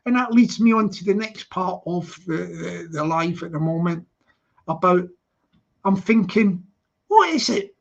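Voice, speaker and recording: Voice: mid-range voice, a little slow, gravelly. A live commentator, rambling and repeating themselves, full of "you know what I mean". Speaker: livestream commentator. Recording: lo-fi livestream audio.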